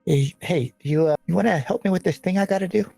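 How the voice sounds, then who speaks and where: A man's voice: high-pitched, fast, gravelly, dark tone, dry recording, faint music behind, voice pushed up. A man voicing a shifty, nervous young woman who repeats herself while recruiting help.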